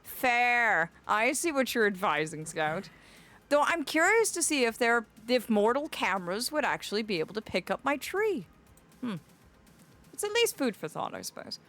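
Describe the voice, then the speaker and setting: A woman's voice: on the high side, very animated, moderate pace, a bit bright. A young woman streaming live in a fae persona, theatrical and fond, calling her viewers "my dear". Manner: theatrical, greets chatters fondly as "my dear".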